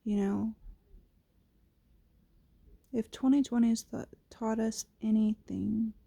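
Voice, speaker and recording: A woman's voice: on the high side, fairly even intonation, vocal fry, warm tone, slightly rough, no room sound, dull audio. A woman vlogging casually to camera, reflective and candid, with a fresh-from-sleep morning voice. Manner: slow, reflective, casual with swearing.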